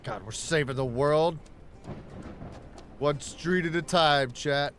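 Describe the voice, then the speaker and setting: A man's voice: on the high side, slow pace, long pauses, fairly bright tone, faint music behind. A man live-streaming a video game, chatting casually and profanely with his viewers while he plays. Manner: profane, rambling, talks to chat and the game. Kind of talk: casual gaming livestream chat.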